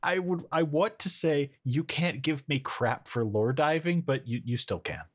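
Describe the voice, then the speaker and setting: A man's voice: a little high, a little slow. A man co-hosting a podcast, recapping a movie in a sardonic, laugh-filled casual chat. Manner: lively, sardonic, laughs often. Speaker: podcast co-host.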